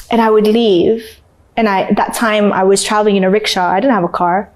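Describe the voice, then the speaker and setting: A young woman from Canada, an interview guest, telling an emotional story with animated acted-out voices and laughter. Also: medium pitch, a little fast.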